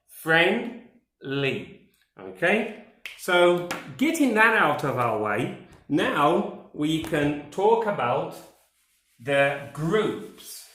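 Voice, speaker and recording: A man a lesson on comparatives, very slowly and pulling words out one by one. His pitch rises and falls widely as he keeps checking that his learners follow. The room around him sounds echoey. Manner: slow, careful, stretches words, checks in with "okay?". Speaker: English teacher.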